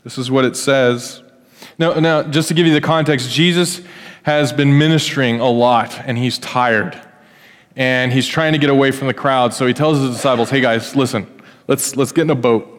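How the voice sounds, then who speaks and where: A man preaching a sermon in a church, telling the story in a conversational, animated way and acting out the quotes. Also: mid-range voice, moderate pace. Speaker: pastor. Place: church hall. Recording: echoey church hall.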